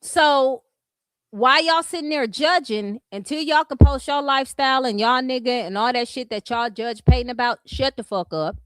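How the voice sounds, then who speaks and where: A Californian woman delivers a blunt, sassy commentary rant, swearing freely as she talks straight to her viewers. Her voice sits a little on the high side, and the sound is dry and close with no room echo. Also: moderate pace, fairly bright tone. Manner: blunt, profane and sassy, addressing viewers as "y'all". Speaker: commentary streamer.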